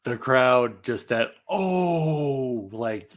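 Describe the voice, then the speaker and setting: A man with a mid-range voice chats casually on a podcast. He tells stories in an animated way and swears heavily, acting out his own reactions. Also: medium pitch, extremely slow. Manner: animated, profane storytelling. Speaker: podcast co-host. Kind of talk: casual chat.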